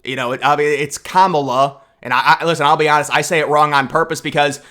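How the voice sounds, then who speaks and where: A man's voice: on the high side, steady tone, rapid-fire, pushed and bright. A man giving a casual, rambling political commentary rant, sarcastic and full of repeats and restarts.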